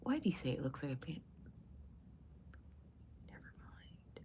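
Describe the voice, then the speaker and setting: A woman's voice: low-pitched, big pitch swings, rapid-fire, dark tone, a little hiss or hum. A woman, likely in her forties or older, hosting a casual morning livestream, crude and giggly, chatting to viewers and often dropping into whispers. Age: 40s or older. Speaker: vlogger host.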